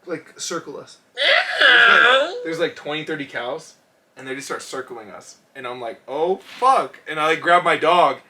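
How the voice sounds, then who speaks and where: A man co-hosting a casual comedy podcast, telling stories with lots of swearing and bursts of shouting. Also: fairly high pitch, a little fast. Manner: profane storytelling, shouts when acting out scenes. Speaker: podcast co-host.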